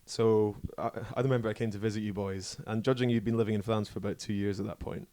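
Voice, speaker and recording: A man's voice: lowish voice, fairly even intonation, quick pace, mellow. A man co-hosting a podcast in a casual, teasing manner, bantering with the guest. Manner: teasing, laid-back banter. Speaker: podcast co-host.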